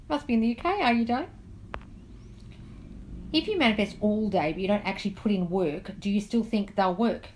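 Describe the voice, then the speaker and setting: A woman's voice: medium pitch, a little fast, long pauses, slight background noise, rough recording. A woman hosting a casual live-stream Q&A as a manifesting coach, chatty, reading comments aloud and calling listeners darling. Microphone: phone on a live stream.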